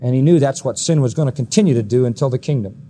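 Male preacher, sermon delivery, emphatic, rhetorical questions, big pitch swings. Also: rapid-fire, warm tone. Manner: emphatic, asks the audience rhetorical questions, swings between high and low pitch.

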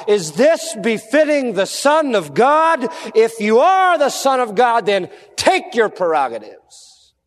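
A man voicing a taunting male Satan who goads and pushes, sometimes rising to shouts. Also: high-pitched, long reverb tail, full character voice. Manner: goading, insistent, rising to shouts.

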